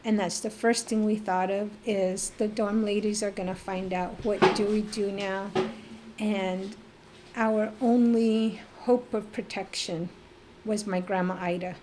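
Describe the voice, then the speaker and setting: A middle-aged woman from the Navajo Nation, telling her life story as a podcast guest in a lively, animated way. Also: medium pitch, unhurried, a little hiss or hum. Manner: animated storyteller who acts out remembered voices. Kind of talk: personal storytelling in a casual interview.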